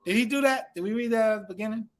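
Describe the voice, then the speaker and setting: A man with a high-sitting voice races through a scripture lesson for a congregation. He asks the class questions and acts out the people in the text.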